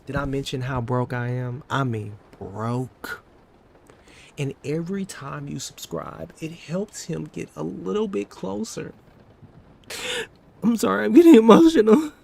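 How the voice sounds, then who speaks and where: A man's voice: a little high, unhurried, vocal fry, slight background noise. A man in his thirties chatting casually with his viewers in a playful, joking way, now and then tipping into over-the-top dramatics. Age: 30s. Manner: playful and joking, slips into exaggerated dramatic bits. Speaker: coding vlogger. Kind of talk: casual chat to live viewers.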